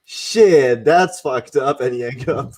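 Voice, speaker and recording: A man's voice: mid-range voice, takes it slowly, darkish tone. Man telling a story. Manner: swearing, storytelling with quoted voices. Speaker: podcast co-host. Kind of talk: casual group chat.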